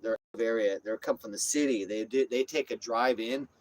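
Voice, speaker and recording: A man's voice: mid-range voice, fairly quick. A man livestreaming from his parked RV on a phone, rambling and repeating himself, swearing freely in casual chat. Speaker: streamer. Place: inside a parked RV.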